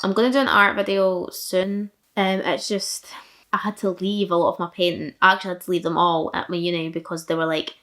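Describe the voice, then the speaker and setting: Answering her viewers' questions in a vlog, a young adult woman from Fife talks casually in a thick Fife Scottish accent, self-deprecating and chatty with plenty of likes and laughter. Her pitch is fairly low, and her tone a bit bright.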